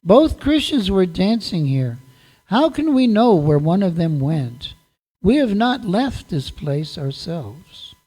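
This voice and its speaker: A man voicing a gentle young woman who answers an older woman calmly and respectfully, in a devotional story told at a sermon. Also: sits high, takes it slowly, slightly rough, exaggerated voice.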